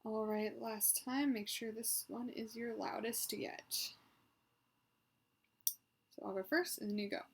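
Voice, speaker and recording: A woman who works as a speech therapist, leading a voice exercise session and giving slow, clear, deliberate instructions between loud sustained vowels. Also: a little high, fairly even intonation.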